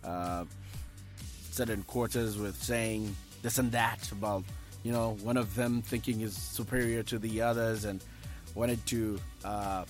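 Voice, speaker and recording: Relaxed male radio host chatting. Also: fairly low pitch, measured pace, faint music behind. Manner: relaxed, many fillers. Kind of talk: casual chat.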